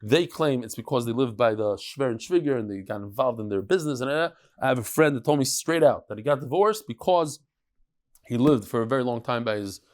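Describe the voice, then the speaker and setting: A middle-aged man teaching a lively Talmud lesson to a live audience, mixing Hebrew and Yiddish terms and joking with listeners. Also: medium pitch, a little fast. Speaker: rabbi teaching a daily Talmud class. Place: study hall with a live audience.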